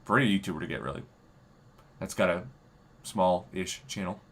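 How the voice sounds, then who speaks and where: A hoarse man hosting a casual livestream, upbeat and thanking his viewers. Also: deep voice, a little fast. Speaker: livestream host.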